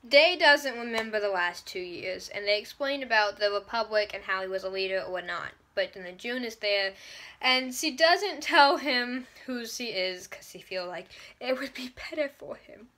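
A woman's voice: a little high, expressive, normal speed, pushed and bright, slight background noise. A young woman reviewing a book in a casual vlog, gushing and dramatic as she acts out her own reactions.

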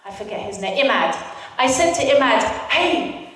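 A British woman giving a personal testimony talk as guest speaker, a lively storyteller who acts out the voices of the people in it. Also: fairly high pitch, brisk. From Britain. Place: large hall, mosque event. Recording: echoey hall from far off.

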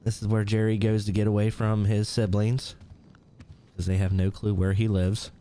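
Male streamer with a lowish voice, easygoing live-chat host who keeps chuckling. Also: completely flat delivery, normal speed, dark tone, a little hiss or hum. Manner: reads viewer names aloud, chuckles often. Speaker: livestream host.

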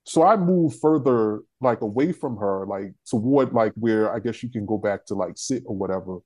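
A young adult man telling a story on a discussion panel, profane, animated and emphatic. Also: fairly low pitch, normal speed.

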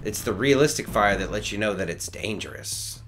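A man's voice: fairly low pitch, lively intonation, moderate pace, background noise. A man co-hosting a gaming video, teasing his friend in casual banter. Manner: teasing, jokey. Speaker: let's play co-host.

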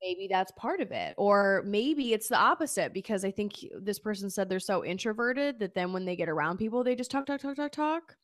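A woman's voice: medium pitch, expressive, brisk, hardly any pauses, no echo, studio quality. A woman comedian guesting on a podcast, brash and playful, swearing freely in casual chat.

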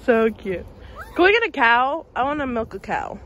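A young woman with a high, sing-song voice vlogs her day at a farm, playful and often laughing as she coos over the animals. She films on a handheld camera outdoors, with plenty of farm noise behind her. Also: sing-song, moderate pace, fairly bright tone. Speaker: vlogger. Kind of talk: casual vlog narration. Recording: noisy outdoor farm recording.

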